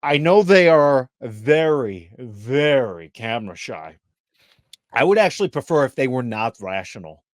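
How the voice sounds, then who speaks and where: A man's voice: mid-range voice, very animated, unhurried, no room sound, clean studio sound. A man in his thirties co-hosting a podcast, ranting in an exasperated, emphatic way and repeating his points. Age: 30s. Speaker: podcast co-host. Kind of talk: heated podcast rant.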